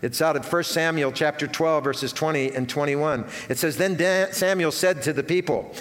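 A man's voice: on the high side, moderate pace, few pauses. An older man preaching a sermon to his congregation, telling a folksy story with self-deprecating asides. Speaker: pastor. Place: church sanctuary. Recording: long reverb of a church hall.

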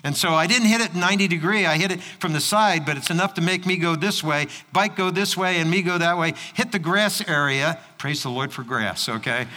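A man preaching a sermon, his voice high and bright as it carries through a church hall with a long reverb. He tells stories in the middle of his preaching, slowing down and speeding up, and acts out the voices of the people in them. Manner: storytelling, acting out voices in anecdotes. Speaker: pastor.

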